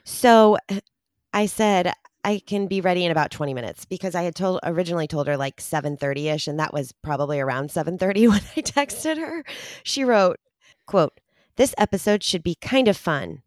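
A woman co-hosting a podcast in casual chat, bubbly and animated, often laughing. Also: fairly low pitch, fairly quick, dry recording, studio quality. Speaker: podcast co-host.

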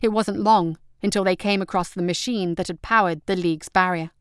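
A woman's voice: lowish voice, steady tone, a little fast, smooth, no room sound, studio quality. A woman reading out an action story as narrator, telling it steadily and vividly.

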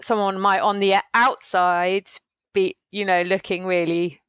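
A woman's voice: mid-range voice, level tone, a little slow, a bit bright, clear, resonant tone, no echo. A woman co-hosting a podcast, talking casually in a thoughtful, hesitant way as she searches for words. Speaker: podcast co-host. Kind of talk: casual chat.

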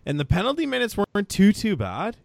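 A man hosting an interview podcast, excitedly reading out a guest's stats in casual chat. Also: high-pitched, a little fast, gravelly, no room sound, studio quality. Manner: enthusiastic, reads out stats. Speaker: podcast host.

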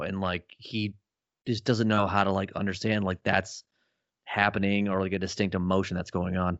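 Low-voiced man rambling about a film. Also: flat delivery, moderate pace, a bit bright, no room sound. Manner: rambling, filler-heavy. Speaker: podcast co-host. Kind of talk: casual film discussion. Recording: dull dry lo-fi audio.

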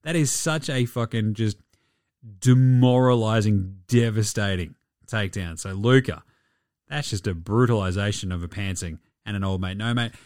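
A man's voice: fairly low pitch, darkish tone, dry recording, studio quality. A man hosting a casual basketball show, swearing freely and reeling off stats with jokes. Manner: sweary, joking, rapid-fire stats. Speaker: basketball podcast host. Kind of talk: casual sports commentary.

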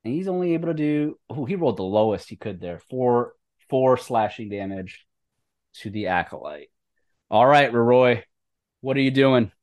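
Man, game master, tabletop narration, brisk rules talk. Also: mid-range voice, animated, darkish tone.

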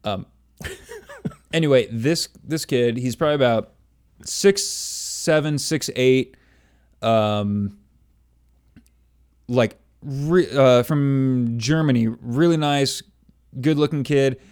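A man's voice: mid-range voice, takes it slowly, pauses often, a little mellow, clear, resonant tone. Rambling young man, casual chat. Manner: rambling storyteller, filler-heavy, self-deprecating.

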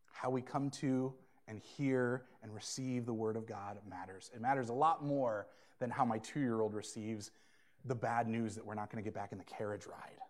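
A man in his thirties preaching a sermon, earnest, moving between hushed asides and emphatic points. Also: lowish voice, steady tone, normal speed. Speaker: pastor.

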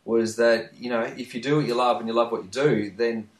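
A man's voice: medium pitch, fairly even intonation, brisk, echoey room. A man, chatting earnestly as a podcast co-host. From Australia. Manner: earnest, emphatic, repeats phrases. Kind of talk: casual podcast chat.

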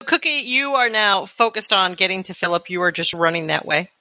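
A woman's voice: mid-range voice, lively intonation, brisk, sharp tone, dry recording, lo-fi sound. A woman game master narrating and asking her players about their actions. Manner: checks actions, asks players questions.

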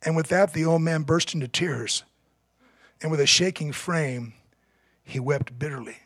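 A man's voice: on the high side, unhurried, fairly bright tone, no room sound, clean studio sound. A man preaching a sermon as pastor, telling a story in an earnest, emphatic way.

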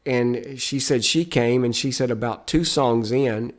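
A man's voice: mid-range voice, measured pace. A man, a Christian musician, telling stories in a podcast interview with an earnest, emphatic, preacher-like cadence.

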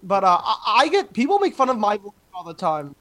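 A man's voice: sits high, wildly swooping pitch, fairly quick, sharp tone. A man co-hosting a podcast, chatting casually in a rambling, hesitant way full of fillers. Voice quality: voice others call annoying. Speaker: podcast co-host. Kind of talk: casual chat.

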